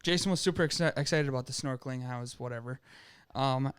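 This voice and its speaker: A young man with an Upper Midwest American accent, co-hosting a podcast and telling a story in casual chat, animated and full of swearing. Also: medium pitch, fast talker, clear, resonant tone. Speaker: podcast co-host.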